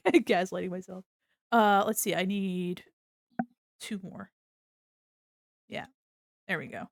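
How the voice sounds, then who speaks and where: A woman's voice: mid-range voice, no echo, clean studio sound. A woman hosting a stream who chats casually and rambles, distracted while she beads small crafts. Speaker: streamer host.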